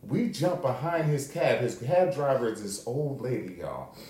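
A man's voice: mid-range voice, expressive, normal speed, mellow. A man co-hosting a podcast, telling a wild story in a loose, profane, laughing way. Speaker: podcast co-host. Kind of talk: casual storytelling chat. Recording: echoey room with faint noise.

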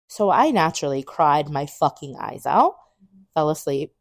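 Podcast co-host in her twenties with a low, dry voice. Candid storyteller who animates the dialogue she quotes. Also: normal speed, dry recording. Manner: animated, acts out quoted dialogue with big pitch jumps; candid, swears casually. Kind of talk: personal storytelling.

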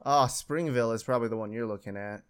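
Man, easygoing, casual chat, mid pitch, laughs often. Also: quick pace, clean tone. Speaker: friend chatting.

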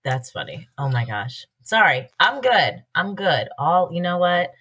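A woman co-hosting a podcast in casual chat, candid and quick to laugh. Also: lowish voice, sing-song, a bit bright, breathy edge. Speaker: podcast co-host.

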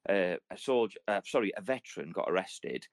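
Fast-talking man telling army stories. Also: sits low, lively intonation, no room sound. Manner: fast storytelling, acts out quoted lines. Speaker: podcast host. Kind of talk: casual banter with swearing.

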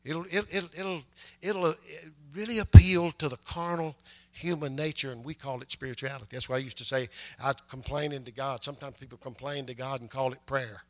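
An older man preaching a sermon, conversational and punctuated with amens, building to loud, emphatic passages. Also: medium pitch, steady tone, fairly quick. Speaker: pastor.

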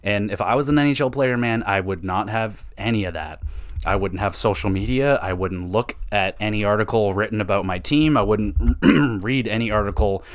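A man's voice: lowish voice, normal speed. Frustrated, profane young man ranting. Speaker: podcast host. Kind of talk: ranting hockey podcast commentary.

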